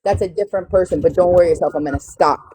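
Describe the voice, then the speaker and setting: A woman's voice: lowish voice, racing, mellow, slight background noise. A woman in her thirties hosting a live stream, talking bluntly and profanely as she retells a dispute. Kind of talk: heated casual live chat.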